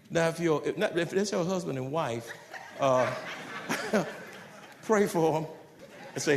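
Man, pastor, lively sermon, high voice, gravelly edge. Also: normal speed. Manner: animated preaching with repetitions and sudden pitch jumps; drops to a soft, low voice for asides.

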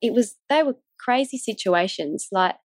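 A woman's voice: fairly high pitch, expressive, moderate pace, no room sound, studio quality. A woman speaking candidly and reflectively as a guest alongside her husband. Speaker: guest, wife of the other guest. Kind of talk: casual conversation.

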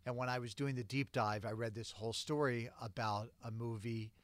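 A man hosts a casual podcast, talking things through at length. His voice sits at a middle pitch. The studio sound is dry and close. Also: steady tone, moderate pace, dry recording. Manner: chatty, explains at length. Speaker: podcast host.

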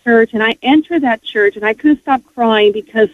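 A woman's voice: on the high side, moderate pace, no echo. A woman giving a heartfelt personal faith testimony as a guest, talking earnestly with frequent restarts. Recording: tinny phone-line audio, dry.

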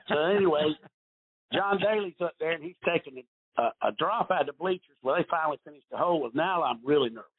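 A man's voice: a little high, lively intonation, fast talker. A middle-aged man, a retired golf pro, telling rambling stories as an interview guest and often repeating his words. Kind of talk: casual storytelling interview. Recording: husky voice over a tinny phone-like line.

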